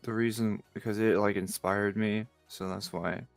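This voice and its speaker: A man joining a streamer's voice call as a guest, soft-spoken and shy, trailing off. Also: lowish voice, fairly even intonation, moderate pace, creaky, dry recording, faint music behind. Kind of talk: casual chat.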